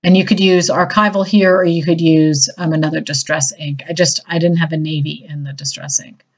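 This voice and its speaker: A woman's voice: deep voice, steady tone, fairly quick. A woman chatting enthusiastically through a casual craft tutorial, a little self-deprecating. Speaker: crafting demonstrator. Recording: slightly dull lo-fi audio.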